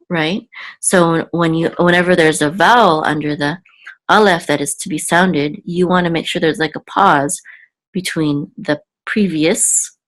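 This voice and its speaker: A woman teaching a reading lesson, patiently repeating and slowly sounding out each word. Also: fairly low pitch, a bit bright. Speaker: Hebrew teacher. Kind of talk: explaining a reading lesson to camera.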